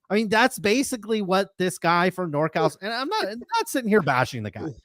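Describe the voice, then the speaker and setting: A man's voice: high-pitched, sing-song, a little fast, fairly bright tone, no room sound, studio quality. A man hosting a live sports card talk show, chatting in an emphatic, rambling way that piles up comparisons. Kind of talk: casual opinionated chat.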